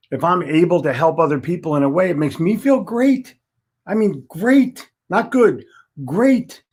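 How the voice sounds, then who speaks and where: A man in his seventies from Philadelphia, a sales trainer giving a folksy, blunt motivational talk and hammering points home by repeating words. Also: a little high. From Philadelphia, United States. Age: 70s.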